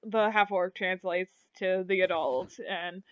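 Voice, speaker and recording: A woman's voice: fairly low pitch, steady tone, unhurried, clear, resonant tone, no echo, dull audio. A woman running a tabletop game as game master, talking in a rambling way with many fillers.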